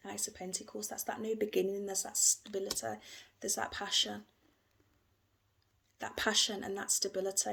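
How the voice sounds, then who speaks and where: Gravelly-voiced woman reading tarot. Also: mid-range voice, a little hiss or hum. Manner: gentle, repetitive, emotional. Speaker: tarot reader.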